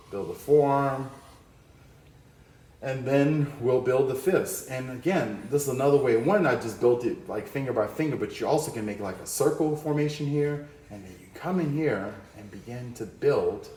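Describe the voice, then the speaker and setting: A man's voice: mid-range voice, darkish tone, echoey room. A man teaching a cartoon drawing lesson, upbeat and playful as he talks through each stroke. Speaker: art teacher.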